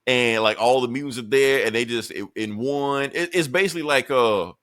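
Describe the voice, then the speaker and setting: A man's voice: mid-range voice, a little fast, a bit bright, no room sound, clean studio sound. A man co-hosting a podcast, recapping comic books in a laid-back, profane, joking way. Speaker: podcast co-host. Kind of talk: casual comic book chat.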